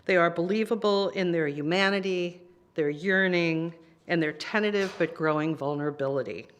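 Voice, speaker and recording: A minister delivers a sermon in a warm-toned, conversational manner, speaking at a middle pitch. The delivery stays personal and direct. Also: normal speed, smooth.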